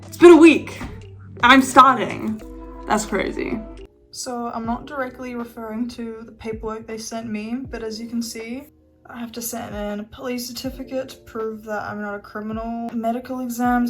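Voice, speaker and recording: A young woman with a slightly high voice chats away in a casual vlog diary. She is excitable and talkative and drops the occasional swear word. Faint music plays softly behind her. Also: normal speed. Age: young adult. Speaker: vlogger.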